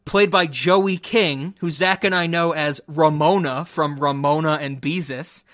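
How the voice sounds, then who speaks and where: A young man hosting a casual podcast, giving a blunt, profane, animated review of a film. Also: on the high side, unhurried, no echo, clean studio sound. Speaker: podcast host. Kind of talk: casual chat.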